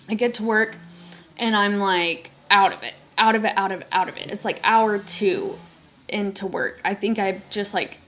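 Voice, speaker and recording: A young woman hosting a podcast, telling a personal story casually and acting out the voices of people she quotes. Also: mid-range voice. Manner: animated, acts out quoted voices. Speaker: podcast host.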